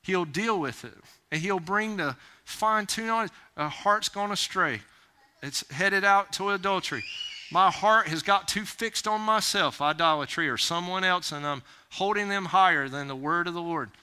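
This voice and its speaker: A man preaching a sermon, plain-spoken and folksy, rising to loud urgent calls. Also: sits high, moderate pace, clean tone. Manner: animated, rising to near-shouts when urging haste. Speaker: pastor.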